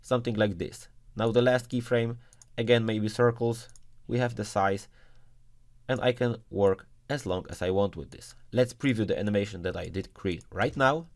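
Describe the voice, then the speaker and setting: A man teaching a screen-recorded software tutorial, giving methodical step-by-step instructions and now and then punctuating a result with a punchy exclamation. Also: fairly low pitch, normal speed.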